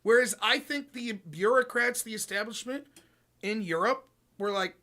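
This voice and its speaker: A man hosting a casual political chat show, talking in an animated, profane, ranting way. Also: high voice, normal speed. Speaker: podcast host.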